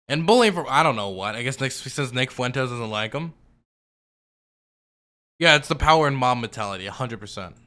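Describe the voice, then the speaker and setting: A man's voice: mid-range voice, bright, forceful tone. A man giving casual, sarcastic reaction commentary as a streamer, rambling with lots of fillers.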